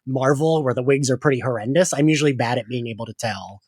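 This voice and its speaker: A man's voice: medium pitch, fast, a little mellow, dry recording, studio quality. A man hosting a podcast in casual chat, talking loosely with many fillers and frequent laughs. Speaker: podcast host.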